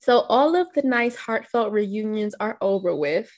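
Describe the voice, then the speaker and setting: A woman's voice: mid-range voice, expressive, a little slow. A woman co-hosting a casual movie podcast, recapping scenes with playful jokes. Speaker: podcast co-host.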